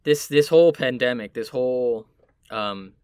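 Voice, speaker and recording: A man from Puerto Rico in casual conversation, chatty and quick to laugh as he tells stories. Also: medium pitch, clear, resonant tone. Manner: chatty, animated storytelling, laughs easily.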